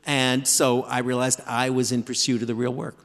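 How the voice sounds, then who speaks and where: A man in his fifties, an author guest in a live stage interview, telling self-deprecating stories in an animated way. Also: medium pitch, normal speed. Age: 50s. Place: theater stage before live audience. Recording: long hall reverb from stage.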